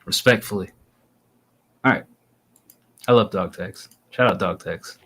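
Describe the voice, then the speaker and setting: A man's voice: on the low side, a little slow, fairly bright tone, breathy edge. A man hosting a casual music review show, giving blunt, crude, teasing critiques. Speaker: host reviewing listener songs.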